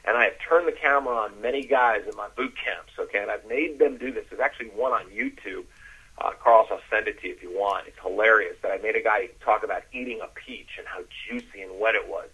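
A man coaching listeners on a podcast, dropping his voice low to demonstrate as he explains. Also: fast talker, pushed and bright, slightly rough, low-quality recording. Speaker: dating coach. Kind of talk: instructional podcast talk.

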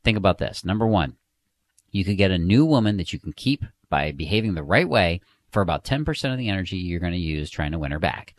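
Brief: man, very low voice, lively swooping delivery, emphatic motivational advice narrator. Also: fast talker, no echo. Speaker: dating advice coach. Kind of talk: scripted instructional narration.

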